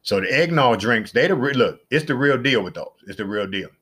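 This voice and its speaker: A middle-aged man hosting a casual solo podcast, chatty and rambling, who repeats himself and jumps up into excited exclamations. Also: medium pitch, brisk, slightly rough. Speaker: podcast host.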